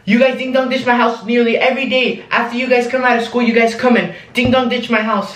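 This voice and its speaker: A man's voice: very high voice, monotone, a little slow, echoey room, pitched above the performer's own voice, low-quality recording. A young man putting on a furious threatening neighbor. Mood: angry. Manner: shouting accusations and threats.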